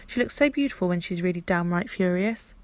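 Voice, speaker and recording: A woman reading a storybook voicing a dreamy, imaginative little girl who talks softly and wonderingly. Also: on the low side, lively intonation, brisk, natural voice.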